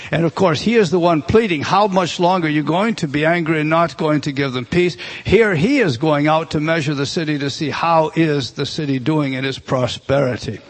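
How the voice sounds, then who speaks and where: A man's voice: fairly high pitch, breathy edge. A man preaching a sermon, explaining a Bible passage verse by verse as he writes words out on a board. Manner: explanatory, writing on a board as he teaches. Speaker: pastor.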